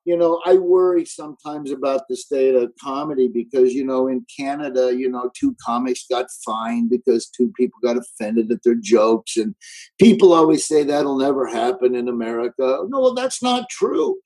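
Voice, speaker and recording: Mellow man ranting emphatically. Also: medium pitch, moderate pace, rough recording. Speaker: comedian guest. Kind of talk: casual chat. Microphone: remote call.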